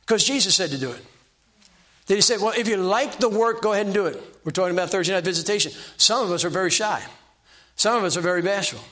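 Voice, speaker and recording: Older male preacher, high-voiced, homespun and self-mocking, hammers one point again and again. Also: a bit bright. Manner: folksy, self-deprecating preaching with repeated exhortations. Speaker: pastor. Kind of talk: sermon.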